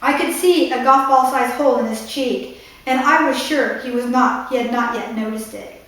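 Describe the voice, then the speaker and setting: A woman's voice: sits high, moderate pace, fairly bright tone. Woman author reading aloud in an echoey room. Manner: breaks off to explain the story in asides. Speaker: author reading her novel. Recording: echoey room, distant mic.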